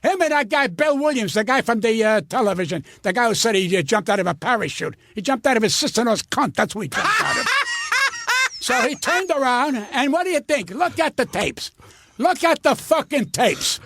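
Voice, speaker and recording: A man's voice: extremely high pitch, sing-song, a little fast, sharp tone, slight background noise. An older man, a comedian guest, telling stories in an indignant, profane, stammering rant. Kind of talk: ranting storytelling.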